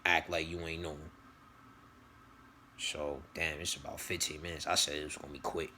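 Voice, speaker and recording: A man's voice: a bass voice, flat delivery, normal speed, bright, forceful tone, slight background noise. A man giving a casual, rambling motivational monologue on spiritual calling, slang-heavy and profane, often repeating himself. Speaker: vlogger giving spiritual advice.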